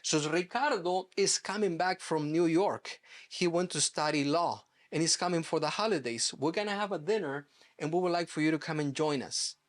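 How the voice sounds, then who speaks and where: A man's voice: a little high, moderate pace. A middle-aged man, a real estate agent, telling a personal story in an interview and acting out the dialogue. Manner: lively storyteller who acts out quoted dialogue.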